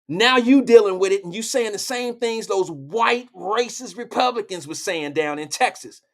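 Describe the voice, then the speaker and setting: Blunt, profane man with a high voice. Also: expressive, moderate pace, hardly any pauses. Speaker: live show host. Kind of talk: political commentary.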